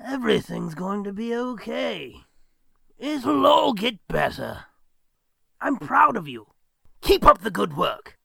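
A man voicing a mocking male villain clown with a gravelly, sharp voice, swinging from cooing to shouting. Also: high-pitched, big pitch swings, slow pace, long pauses, no echo, exaggerated voice. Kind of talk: recorded character voice clip.

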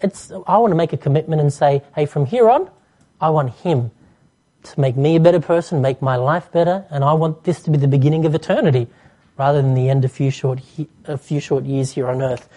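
Mellow-voiced preacher. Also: male voice, fairly high pitch, brisk. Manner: earnest, warm pastoral appeal with dramatized dialogue. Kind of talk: sermon.

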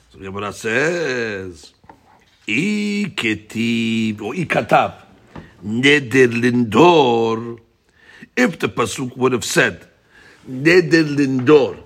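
Gravelly husky male Talmud teacher. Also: a little high, sharp tone. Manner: emphatic, repeats and restates points. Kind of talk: explaining a text to students.

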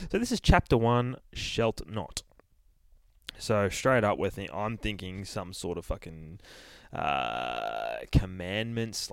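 A man's voice: deep voice, dry recording. A man hosting a podcast, recapping a comic in a loose, profane, rambling way with lots of fillers. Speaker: podcast host reviewing a comic.

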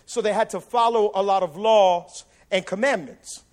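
A male pastor preaching a casual, animated sermon and acting out quoted voices. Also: high-pitched, normal speed.

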